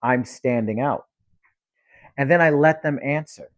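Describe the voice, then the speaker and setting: A man coaches real estate investors on how to talk with sellers, teaching bluntly and directly in a monologue where he acts out both sides of phone calls. His mid-range voice moves a little slowly with frequent pauses, and the recording is dry.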